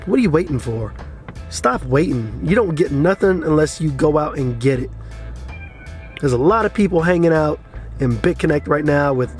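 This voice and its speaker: A man with a fairly high voice rants to his viewers in a blunt, frustrated way. He swears freely and hammers the same points again and again in a casual vlog. Faint music plays behind him. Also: a little mellow. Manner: frustrated, blunt and profane, with repeated urging. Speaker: crypto vlogger. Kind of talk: casual rant to camera.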